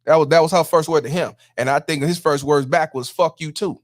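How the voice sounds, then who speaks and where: Profane, emphatic man with a higher voice. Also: steady tone, brisk, heavy background noise. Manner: profane, emphatic, repeats himself for effect. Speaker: livestream commentary host. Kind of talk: live-streamed commentary with viewer shout-outs.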